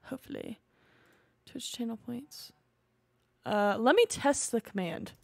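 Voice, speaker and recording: Young female streamer, chatty game commentary, high voice with vocal fry. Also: expressive, measured pace, darkish tone. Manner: chatty, talks to game characters and chat, frequent laughs. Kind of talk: casual gameplay commentary.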